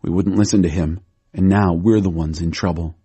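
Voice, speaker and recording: A man's voice: low-pitched, steady tone, normal speed, mellow, husky, pitched below the performer's own voice. A man voicing anxious, guilt-stricken brothers.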